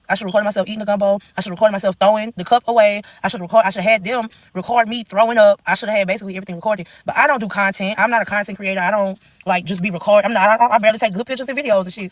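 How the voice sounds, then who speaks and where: A woman's voice: mid-range voice, fairly even intonation, rapid-fire, few pauses, dry recording. A young woman telling a blunt, profane storytime into her phone, in long run-on stretches. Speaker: TikTok storyteller. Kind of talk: casual storytime rant.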